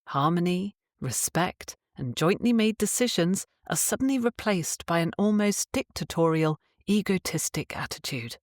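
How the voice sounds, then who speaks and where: A woman narrating an instructional audiobook in a calm, measured reading style. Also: sits low, no room sound, studio quality.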